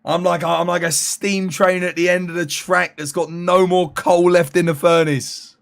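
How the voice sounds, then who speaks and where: A man chatting casually with his live-stream viewers. He is tired and his voice is fading after eighteen hours, and he jokes and thanks people by name in a weary, drawn-out way. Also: high voice, level tone, creaky.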